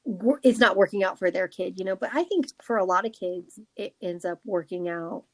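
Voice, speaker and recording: Woman, podcast co-host, casual, agreeable, mid pitch. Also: normal speed, fairly bright tone, no echo. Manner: agreeable, chimes in with short replies. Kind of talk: casual chat.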